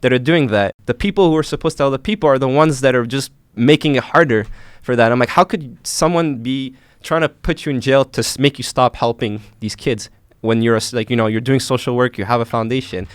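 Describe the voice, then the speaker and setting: Earnest young man with a clear voice. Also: medium pitch, a little fast, no room sound, clean studio sound. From Canada. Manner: earnest, animated retelling with acted quotes. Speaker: filmmaker recounting an arrest. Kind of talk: emotional first-person storytelling.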